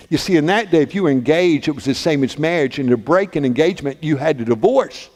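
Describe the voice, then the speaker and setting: A male pastor delivers a sermon as vivid storytelling, acting out the characters' lines. His voice sits high for a man. The sound carries a long reverb, as in a church sanctuary. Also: animated, a little fast, darkish tone. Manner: dramatic retelling, voicing characters in quotes.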